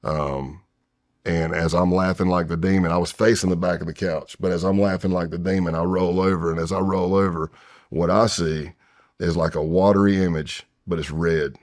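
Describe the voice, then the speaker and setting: A low-pitched, steady and slightly mellow voice at normal speed belongs to this retired federal agent from the U.S. in his fifties. As a podcast guest in a long-form interview, he tells a long personal story in a loose, candid way, often restarting.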